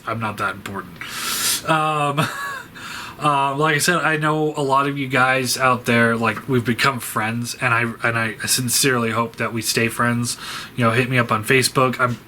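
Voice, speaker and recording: A man talks through a casual farewell vlog in a bright, forceful voice. He rambles and halts, restarting sentences and filling gaps with fillers. A faint hiss sits under the recording. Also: mid-range voice, sing-song, normal speed. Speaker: toy review channel host.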